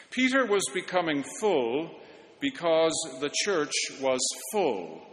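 A man's voice: a little high, big pitch swings, slow pace, slight background noise. Man preaching in a reverberant church. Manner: storytelling, warmly earnest, stumbles on repeats. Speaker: pastor. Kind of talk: sermon.

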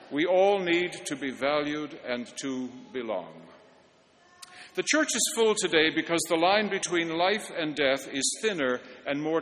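A pastor giving a storytelling sermon, earnest and now and then stumbling on repeated words. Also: male voice, on the high side, fairly bright tone, big-room sound. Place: church.

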